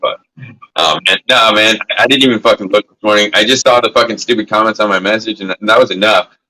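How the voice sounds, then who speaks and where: Laid-back swearing man, bright tone. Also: lowish voice, steady tone, quick pace, low-quality recording. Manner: loose, profane, laid-back rambling. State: coughing now and then from smoking. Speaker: livestream host. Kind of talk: casual livestream chat. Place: indoors at a grow setup.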